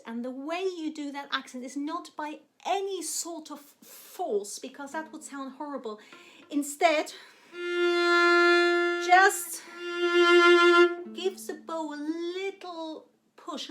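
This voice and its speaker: High-voiced woman teaching cello. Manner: warm, encouraging explanations. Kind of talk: instructional music lesson.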